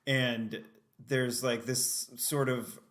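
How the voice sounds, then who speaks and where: A man co-hosting a casual podcast, joking and ribbing his co-host. His voice sits at an ordinary middle pitch, and he talks in a relaxed, conversational way. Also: very slow. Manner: teasing, wisecracking. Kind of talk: casual chat.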